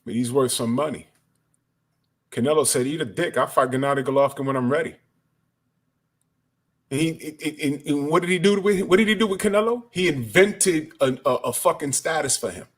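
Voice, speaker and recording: A man's voice: fairly high pitch, normal speed. A man giving an angry, profane rant as a boxing commentator. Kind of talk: ranting commentary.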